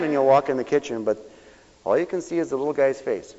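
Preacher guy going loud then hushed, lots of swing, muffled echoey church tape. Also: mid-range voice, brisk. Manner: animated, swings from loud exclamations to hushed tones. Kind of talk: radio-broadcast sermon. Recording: dull, echoey church recording.

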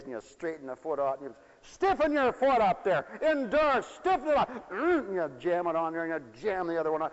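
A man preaching a sermon in a folksy storytelling way, dropping to low mutters and rising to loud high exclamations. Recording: dull lo-fi broadcast with long hall reverb.

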